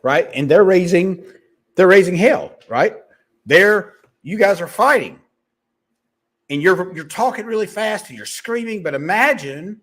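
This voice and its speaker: Motivational sales-coach man, slightly high voice, husky, fast and rambling. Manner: fast-talking, animated, rambling with restarts. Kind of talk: motivational monologue to viewers.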